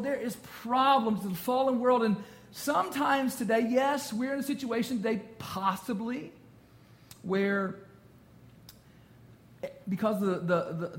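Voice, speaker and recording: A man in his thirties preaching a casual, jokey sermon to a congregation. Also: high voice. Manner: jokey, conversational, quotes song lyrics. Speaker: pastor.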